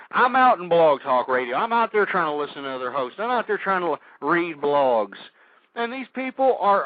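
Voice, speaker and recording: A man hosting a call-in internet radio show, ranting vulgarly and shouting with passion. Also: high-pitched, dry recording, phone-quality sound. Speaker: radio talk show host.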